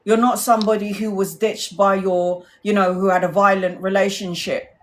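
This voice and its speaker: A woman's voice: mid-range voice, little pitch movement, normal speed. A woman hosting a live tarot stream, talking to her viewers in an earnest, blunt and emotional way and swearing freely. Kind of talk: heartfelt casual live-stream chat.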